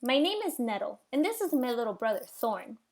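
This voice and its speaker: A woman voicing a sarcastic, bossy young female bear with a mocking, loud delivery. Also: fairly high pitch, very animated, fairly quick.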